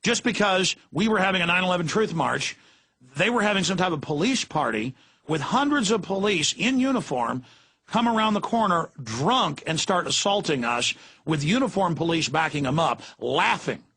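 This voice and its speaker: Gravelly ranting talk radio host. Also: male voice, high voice, lively intonation, moderate pace, pushed and bright. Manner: fiery, ranting, emphatic.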